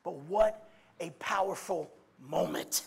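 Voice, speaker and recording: A man with a high, gravelly, husky voice preaches a sermon at a slow pace. He swings from quiet musing to loud shouts, stammering through many restarts and repeating "I mean."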